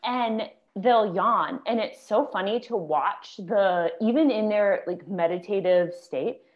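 A woman's voice: mid-range voice, slow, muffled recording. A woman who guides breathwork sessions, chatting casually in an encouraging, coaching tone. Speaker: breathwork facilitator. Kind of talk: casual chat about breathwork.

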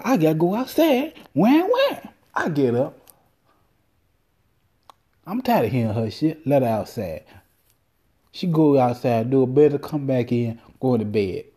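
A man hosting a solo podcast, rambling and cursing freely as he tells stories in a casual, animated way. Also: medium pitch, husky. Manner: profane, rambling, animated storytelling. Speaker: podcast host.

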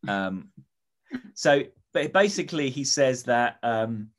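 A man's voice: medium pitch, lively intonation, takes it slowly. A man on a podcast, telling a made-up movie plot in a loose, rambling way full of ums and asides. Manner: rambling storytelling with fillers and swearing. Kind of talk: casual comedic chat.

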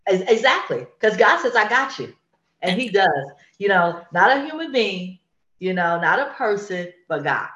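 A woman co-hosting a faith podcast, who laughs often and chimes in with quick agreement. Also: medium pitch, sing-song, a bit bright, roomy sound, dull audio. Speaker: podcast co-host. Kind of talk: faith-based casual podcast chat.

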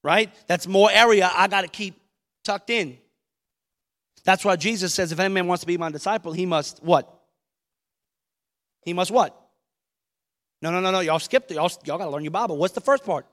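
High-voiced pastor preaching in a reverberant hall. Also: male voice, normal speed, pauses often, fairly bright tone. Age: 30s. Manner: conversational preaching, quotes scripture, asks the congregation questions. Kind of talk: sermon. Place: church sanctuary.

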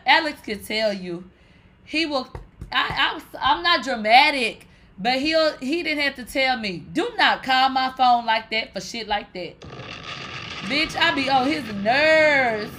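Bright-voiced, profane woman telling stories. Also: high-pitched, takes it slowly, a little hiss or hum. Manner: animated, profane, swears and calls listeners "bitch" often; rambling, with many fillers like "like". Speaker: livestream host. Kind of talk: casual storytelling to viewers.

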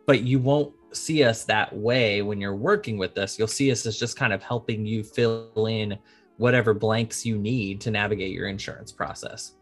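A man's voice: lowish voice, normal speed, faint music behind. A man in his thirties, an insurance attorney, talking casually in a podcast interview and acting out dialogue as he tells stories. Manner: animated storyteller, acts out quoted dialogue.

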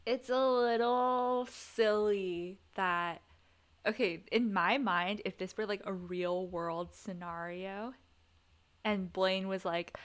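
A woman's voice: medium pitch, steady tone, slow, smooth. A young woman co-hosting a casual recap podcast, exasperated, swearing and laughing often. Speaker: podcast co-host.

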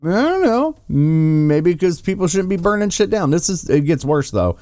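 A man mocks and rants his way through courtroom footage. His voice has a lively, swooping delivery that is full of scorn, and it is recorded close and dry with no room sound at all. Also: a little high, moderate pace, dry recording. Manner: mocking, profane, sarcastic. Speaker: political commentator. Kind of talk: reacting to trial clips.

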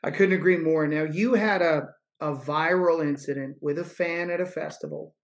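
A man's voice: a little high, fairly even intonation, moderate pace, creaky. Blunt, emphatic male podcast host. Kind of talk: conversational interview.

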